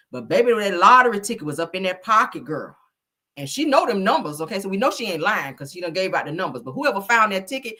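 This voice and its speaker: Woman, husky voice, lively swooping pitch, sassy and dramatic, casual chat host. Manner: sassy, dramatic, swears a lot, calls viewers baby and child. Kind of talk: casual chat, reading live comments.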